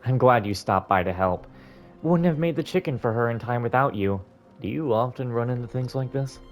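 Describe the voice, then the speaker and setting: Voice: medium pitch, close to an everyday voice. A gamer doing a motherly restaurant owner. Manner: gentle, reassuring. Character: kindly woman restaurant owner, warm and motherly.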